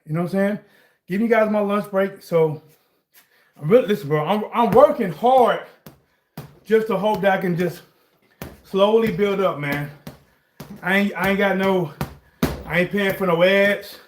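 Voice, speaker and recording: A man with a high voice holds forth on sports in loose, rambling chat. He circles back over his points and then raises his voice sharply to hammer them home. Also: moderate pace, pauses often. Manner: rambling, animated, bursts into shouts on points. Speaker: sports commentary vlogger. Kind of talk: casual chat.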